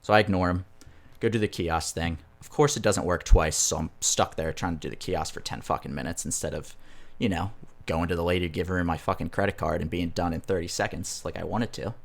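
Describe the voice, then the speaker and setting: A young man with a very low voice tells a long story on a podcast. He rambles and swears freely, in a loose, casual chat. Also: fairly even intonation, brisk, vocal fry. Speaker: podcast co-host.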